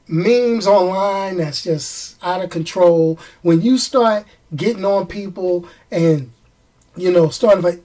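Casual vlogger, male, New York accent; emphatic, repeats lines for punch, laughs at himself. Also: sits high. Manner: chatty, emphatic, repeats phrases for effect. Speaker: vlogger commenting on movies. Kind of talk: casual chat to camera.

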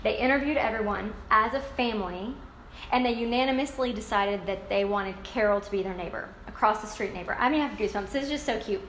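A woman's voice: mid-range voice, fast talker, fairly bright tone. Gushing woman in an echoey room. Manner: gushing, enthusiastic storytelling. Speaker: book recap speaker. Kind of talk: casual book recap. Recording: roomy echo, faint ambient noise.

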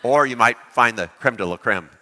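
A man preaching a sermon, lively and animated, often putting questions to his congregation. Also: medium pitch, a little fast, long reverb tail. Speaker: pastor.

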